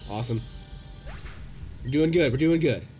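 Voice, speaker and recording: A young man commentating his own gameplay, excitable and profane, yelling at the game in bursts. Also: medium pitch, moderate pace. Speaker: gaming YouTuber. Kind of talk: let's play commentary. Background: game music.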